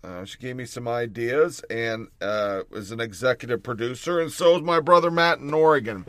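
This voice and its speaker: Bright-voiced man hosting casually. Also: mid-range voice, moderate pace, dry recording. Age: 30s. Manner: blunt, frequent fillers. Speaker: show host. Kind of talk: casual commentary.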